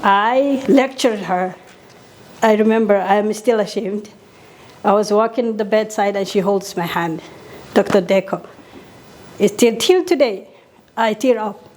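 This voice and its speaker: A woman's voice: mid-range voice, unhurried, a little mellow. A middle-aged woman physician from Somalia, giving an impassioned conference talk and repeating key points for weight.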